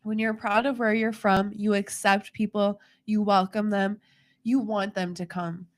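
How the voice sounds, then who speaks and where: A woman's voice: mid-range voice, flat delivery, a little slow. A young woman talking as a guest in a casual live conversation, earnest and enthusiastic, laughing often.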